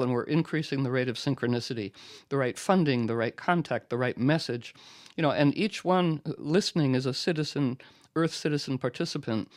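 A man's voice: fairly high pitch, a little mellow, no echo. A man hosting a live radio pledge drive. He thanks callers by name in a rambling, effusive way, full of fillers and whimsical spiritual turns of phrase, speaking into a studio microphone. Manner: rambling and effusive, heavy on "you know" fillers. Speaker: radio host running a fund drive.

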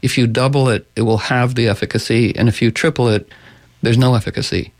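A man hosting a radio talk show, telling rambling, animated stories in casual chat. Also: mid-range voice, a little fast, dry recording. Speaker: radio host.

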